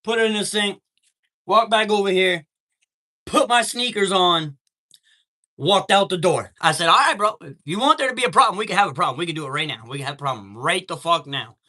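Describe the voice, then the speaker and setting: Man, live stream host, high-pitched, piercing bright tone, profane, heated, casual storytelling. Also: lively intonation, fairly quick. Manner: reads out and greets chat viewers.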